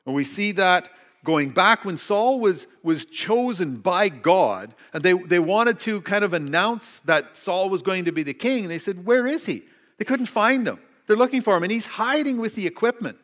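A middle-aged man preaches a sermon, retelling a story with animated asides and an occasional joke. His voice sits a little high for a man. The sound carries a long reverb, as in a church sanctuary. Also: moderate pace. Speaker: pastor. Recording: reverberant hall.

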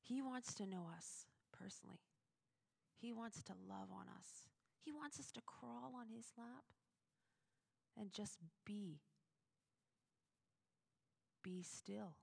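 A woman's voice: fairly high pitch, a little slow, creaky, slightly rough. Chatty woman giving a devotional talk. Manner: chatty, animated, with sudden loud emphasis. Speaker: devotional speaker. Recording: long hall reverb.

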